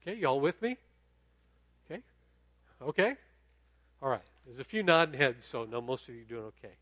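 A man's voice: medium pitch, big pitch swings, moderate pace, a bit bright, dry recording. A middle-aged man preaching a sermon in a conversational way, often checking in with the audience. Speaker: pastor.

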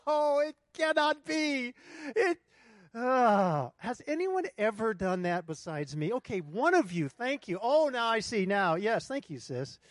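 A man preaching a sermon to a congregation, telling a lively personal story and asking the room for responses. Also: high-pitched, unhurried, dry recording, studio quality. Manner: animated storytelling, talks to the congregation. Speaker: pastor. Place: church hall with congregation.

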